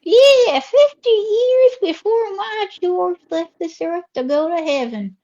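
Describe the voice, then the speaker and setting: A chatty old Southern widow with a drawling, folksy manner delivers deadpan jokes in a high voice, as a woman puts her on. The audio is dull and lo-fi. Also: slow pace, heavily acted. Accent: Southern US (put on).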